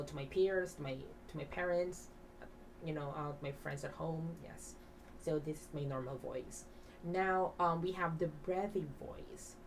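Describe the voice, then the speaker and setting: A woman's voice: low-pitched, a little mellow, recorded from a distance, slight background noise, poor audio. A woman teacher giving a demo lesson in English, explaining step by step with many fillers and having the class repeat after her. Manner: breathy half-whisper when demonstrating.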